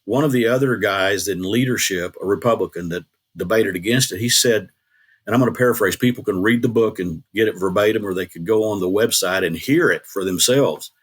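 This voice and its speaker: A man's voice: fairly low pitch, fairly quick, slightly rough. An older man speaking as an interview guest, telling stories in an earnest, plain-spoken way with restarts. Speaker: guest, former state legislator. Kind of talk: casual interview talk.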